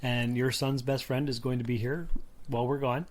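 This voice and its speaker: A man's voice: medium pitch, level tone, normal speed. A tired man co-hosting a podcast, slurring his words a bit. He rambles from one thing to the next and pokes fun at himself in a loose, casual chat. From Canada. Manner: rambling, self-deprecating, a little slurred from tiredness. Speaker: podcast co-host.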